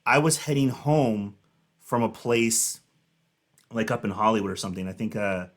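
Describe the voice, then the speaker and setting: A man's voice: on the low side, normal speed. A man in his thirties hosting a reaction video, chatting casually and telling a rambling, filler-heavy story. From Southern California.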